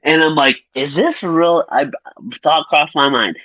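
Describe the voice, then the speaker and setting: A young man co-hosting a casual film review podcast, ranting profanely and laughing through animated retellings. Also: a little high, unhurried, low-quality recording. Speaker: podcast co-host.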